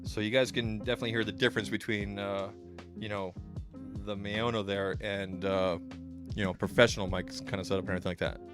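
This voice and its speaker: A man's voice: fairly low pitch, level tone, a little fast, music in the background. A man hosting a tech channel, demonstrating a mic setup in a loose, repetitive, casual way. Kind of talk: casual product demo.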